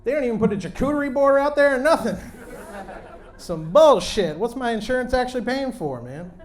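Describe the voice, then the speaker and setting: A man in his late thirties doing a loud, brash, crude stand-up set on a comedy club stage, talking into a handheld mic. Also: very high-pitched, big pitch swings, normal speed. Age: late 30s.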